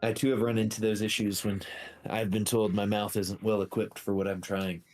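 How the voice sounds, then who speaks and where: A man's voice: on the low side, flat delivery, fairly quick, over loud music. A man narrating as game master of a tabletop game, with a playful, jokey manner.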